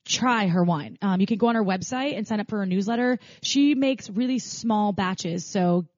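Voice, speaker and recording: A woman co-hosting a podcast in casual chat, chatty and quick to laugh, with many fillers. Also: medium pitch, darkish tone, no room sound, muffled recording. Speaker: podcast co-host.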